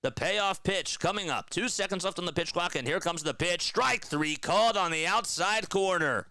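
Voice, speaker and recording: A man doing live baseball play-by-play for a stream, trading energetic banter with viewers between pitches. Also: normal speed, vocal fry, no echo.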